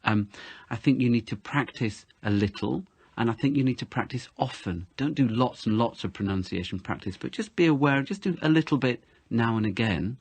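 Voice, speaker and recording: A man teaching pronunciation in an interview, explaining patiently and slowing down to stress words in an exaggerated way. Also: mid-range voice, no echo. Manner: clear explanations, slow exaggerated word stress.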